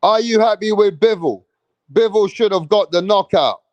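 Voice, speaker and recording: A man's voice: high voice, normal speed, darkish tone, no room sound, dull audio. A man from England hosting a live boxing stream, hyped and profane, repeating his points. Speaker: boxing channel host.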